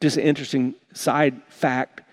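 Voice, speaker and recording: Delivering a sermon to his flock, this pastor speaks at a normal speed with a medium pitch and a flat delivery. His manner is earnest and forceful, with frequent repetitions and restarts.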